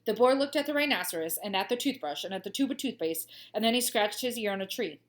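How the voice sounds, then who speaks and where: A woman, a teacher, reading a children's storybook aloud with expressive voices and gushing asides. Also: mid-range voice, fast.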